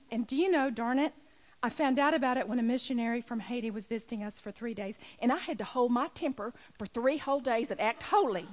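High-voiced woman giving a testimony. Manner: storytelling, emphatic, rising to near-shouting at high points. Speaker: women's ministry speaker. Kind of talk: personal testimony talk. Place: room with a live audience.

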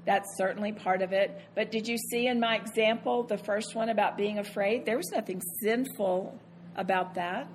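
A woman's voice: medium pitch, fairly even intonation, normal speed, a little hiss or hum. A woman, giving a conversational sermon as a Bible teacher, earnest and acting out her own inner voice.

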